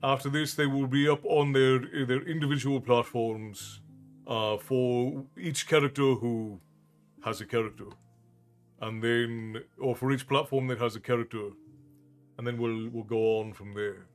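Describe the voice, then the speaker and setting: Casual stream host, a man from Ireland, friendly and rambling, with soft music underneath. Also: mid-range voice, fairly even intonation, unhurried. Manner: friendly, rambling, greets viewers by name. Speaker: livestream host and storyteller. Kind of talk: casual chat with stream viewers.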